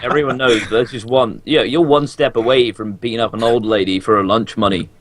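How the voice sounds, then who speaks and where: A man's voice: medium pitch, steady tone, brisk, a little hiss or hum. A young man from Britain bantering on a podcast with sarcastic, teasing quips, heard over a voice-call headset mic.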